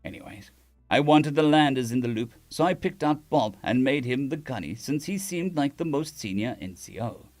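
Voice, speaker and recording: A man's voice: medium pitch, expressive, normal speed, a little mellow. A man reading a story aloud on a live stream, with casual restarts and asides to chat.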